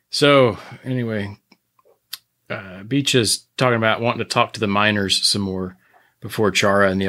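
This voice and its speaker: A man's voice: on the low side, sharp tone. A man chatting casually as a podcast co-host, adding dry, wry asides. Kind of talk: casual chat.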